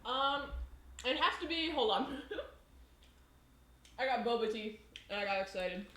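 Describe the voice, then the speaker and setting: A woman's voice: on the high side, lively intonation, slow, fairly bright tone. A woman chatting casually on a live cooking stream in her home kitchen, rambling and laughing often. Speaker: baking streamer. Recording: echoey room.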